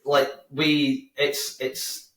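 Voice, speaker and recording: Bar owner, chatty and rambling, recorded a bit far off in a roomy space. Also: male voice, on the high side, flat delivery, extremely slow, a bit bright. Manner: chatty, rambling, with many restarts and fillers. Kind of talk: casual interview chat. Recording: roomy sound from a distant mic.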